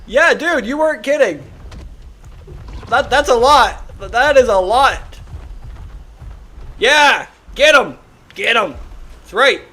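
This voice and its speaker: A man's voice: extremely high pitch, lively intonation, takes it slowly, pauses often, bright, forceful tone. A man livestreaming a game, talking casually and frantically urging and exclaiming as he plays. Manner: casual, says "dude" and "bro". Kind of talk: live gameplay commentary.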